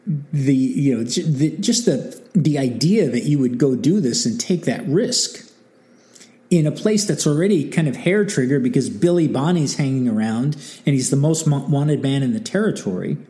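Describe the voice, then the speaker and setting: A man hosting a history talk, telling the story casually with wry asides and acted-out quotes. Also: mid-range voice. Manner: animated and wry, acting out quotes, many asides. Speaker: history channel host.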